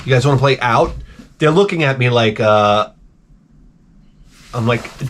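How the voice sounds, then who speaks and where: A man's voice: medium pitch, a little slow, pauses often, a bit bright. A man telling comic stories to camera in a rambling, exasperated, profane rant full of restarts. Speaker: vlogger. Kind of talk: comedic storytelling rant.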